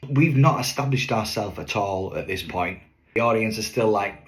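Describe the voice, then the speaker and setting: A man's voice: lowish voice, normal speed. A man, a singing waiter, chatting to camera as he tells a story from a show. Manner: chatty, lively, with fillers and asides.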